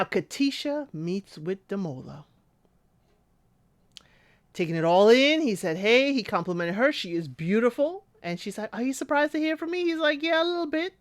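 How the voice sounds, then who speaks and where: A woman's voice: medium pitch, no room sound. A woman recapping a reality show in casual commentary, chatty and talking back to the people she describes. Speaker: recap host.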